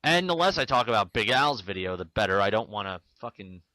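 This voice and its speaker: A man's voice: lowish voice, very animated, brisk, bright, forceful tone, no echo, poor audio. A man ranting in an angry vlog, defensive and swearing. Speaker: video maker ranting to the camera.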